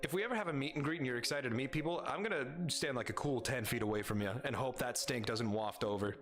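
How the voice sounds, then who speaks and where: A man's voice: medium pitch, fast, fairly bright tone, soft background music. A young adult man streaming live, chatting casually, swearing freely, laughing often and reading chat aloud.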